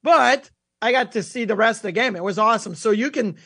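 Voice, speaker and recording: A man co-hosting a sports radio show, telling stories in an animated way. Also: sits high, a little fast, husky, dry recording, studio quality. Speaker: radio co-host. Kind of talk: casual sports radio talk.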